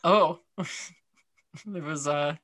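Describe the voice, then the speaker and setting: A man's voice: a little high, very slow, fairly bright tone, dry recording, studio quality. A man co-hosting a podcast, chatting casually with lots of fillers and restarts. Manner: chatty, rambling, many fillers. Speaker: podcast co-host. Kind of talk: casual chat.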